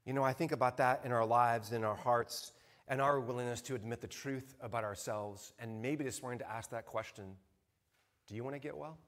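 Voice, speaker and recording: A middle-aged man preaching a sermon as pastor, earnest, often dropping to soft hushed tones for emphasis. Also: medium pitch, fairly even intonation, a little fast.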